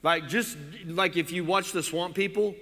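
A pastor from Oklahoma preaching a sermon in a chatty, joking way, full of casual fillers. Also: male voice, high-pitched, fairly even intonation, moderate pace, sharp tone, big-room sound. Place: church.

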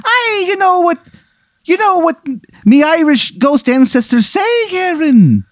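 A man voicing a cheery male leprechaun ghost in a terrible fake Irish brogue, with drawn-out, sing-song phrases. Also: extremely high pitch, very animated, dry recording, clean studio sound, pitched above the performer's own voice, full character voice.

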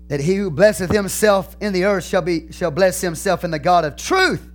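Fervent Texan pastor preaching a sermon. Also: male voice, sits high, normal speed, few pauses. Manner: builds from calm teaching to loud, fervent preaching.

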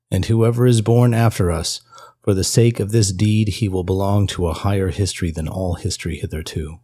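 Frantic prophet-like madman with a low, dark, husky voice, read by a man. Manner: solemn, declaiming, rhetorical questions. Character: frantic man proclaiming God is dead.

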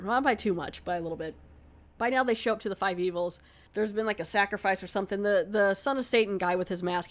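A woman giving a casual, rambling movie review, full of fillers and asides. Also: medium pitch.

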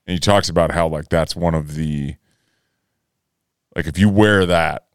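Deep-voiced man joking on a podcast. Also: a little slow, smooth, no room sound, clean studio sound. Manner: loose, profane, joking. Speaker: podcast co-host. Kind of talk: casual chat.

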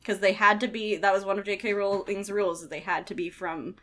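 A woman's voice: medium pitch, steady tone, brisk, fairly bright tone. A woman co-hosting a casual podcast chat, chatty and enthusiastic, with laughing asides. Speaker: podcast co-host.

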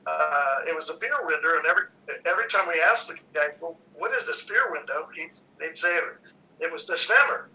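A man who runs a brewery, chatting casually on a company podcast, relaxed and halting with fillers. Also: a little high. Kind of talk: casual chat. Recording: dull lo-fi sound.

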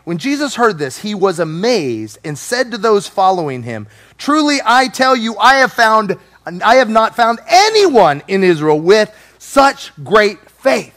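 Male preacher, high and very expressive, playful sermon delivery. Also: measured pace. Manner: animated and playful, acting out voices.

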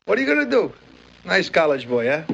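An actor playing a gruff mob boss who scolds and taunts a young man in a film scene. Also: fairly high pitch, quick pace, lo-fi sound, slight background noise, heavily acted. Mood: mocking, menacing. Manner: mocking, menacing, animated street talk.

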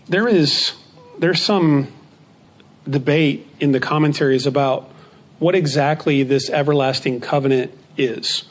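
Man teaching a Bible study lesson. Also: fairly high pitch. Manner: measured, repeats key phrases for emphasis.

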